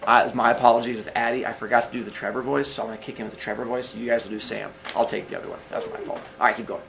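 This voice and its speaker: A man's voice: mid-range voice, little pitch movement, racing, vocal fry, fairly bright tone, reverberant, slight background noise. A male teacher leading a class read-aloud, upbeat, asking students questions and stopping to explain. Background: students in the room.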